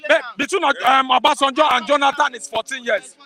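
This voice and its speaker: A man's voice: extremely high pitch, fast talker, pushed and bright. A man in a street interview, insistently repeating his points.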